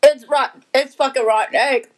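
A woman's voice: sits high, steady tone, normal speed, low-quality recording. Woman swearing through a taste challenge. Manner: swearing, groaning and laughing at gross flavours. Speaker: podcast host. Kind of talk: casual chat while doing a taste challenge.

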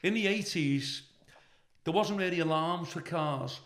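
Older man, Liverpool accent, gravelly, profane storyteller, echoey room. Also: fairly high pitch, unhurried. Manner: brash, profane, animated anecdote-telling. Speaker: comedian, guest. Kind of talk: storytelling in a casual interview.

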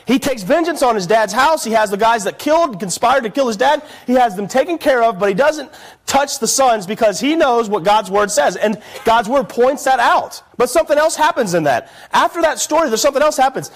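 High-voiced chatty male preacher. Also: animated, brisk. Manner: chatty, storytelling, asks the congregation "right?". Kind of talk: sermon. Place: church.

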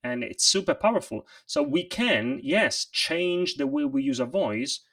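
A man who is not an English speaker coaches presenters in a livestream, demonstrating emphasis as he goes. His voice rises and falls with energy and has a gravelly texture. He sits a little back from the microphone. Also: mid-range voice, measured pace, distant mic. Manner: animated, practical, demonstrates vocal emphasis. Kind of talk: livestream interview.

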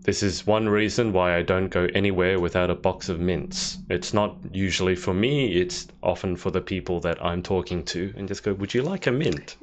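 A man hosting a live interview, asking quick questions and making playful asides. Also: sits low, flat delivery, lo-fi sound, slight background noise. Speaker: podcast host, interviewer. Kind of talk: casual interview chat.

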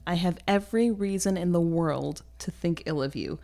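A woman reading the lines of a sharp-tongued young woman rejecting a proposal, in a measured, cutting, formal delivery. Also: fairly low pitch, gravelly.

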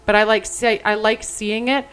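A woman's voice: medium pitch, steady tone, moderate pace, a bit bright, smooth, poor audio. A young adult woman co-hosting a podcast in casual chat, talking bluntly and emphatically and swearing freely. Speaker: podcast co-host.

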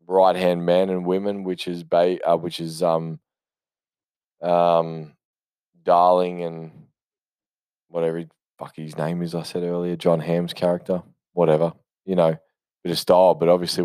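A man with an extremely deep, mellow voice talks loosely through a film he loves. His delivery is rambling and offhand, peppered with swearing and false starts. The sound is dry and close, with no room around it. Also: clear, resonant tone, no echo. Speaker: film reviewer. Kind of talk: casual unscripted movie review.

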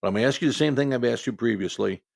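Man playing a gruff weary judge, blunt, gravelly, dry close sound. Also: mid-range voice, racing, darkish tone, no echo. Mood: stern. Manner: blunt, no-nonsense.

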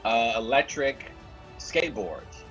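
A man's voice: mid-range voice, lively intonation, slow, fairly bright tone, lo-fi sound, faint music behind. A man co-hosting a radio show from another city, teasing and laughing easily. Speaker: radio co-host calling in remotely. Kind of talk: casual radio banter.

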